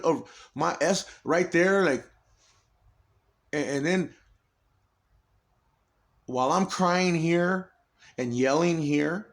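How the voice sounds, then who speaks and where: A man's voice: fairly high pitch, a bit bright. A man in an agitated, rambling personal monologue, swearing heavily and restarting his sentences often.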